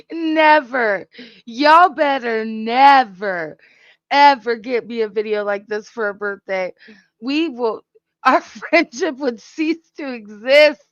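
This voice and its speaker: A woman's voice: on the high side, takes it slowly, no room sound, muffled recording. A woman hosting a casual livestream, chatting and often laughing. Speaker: livestream host. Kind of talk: casual chat.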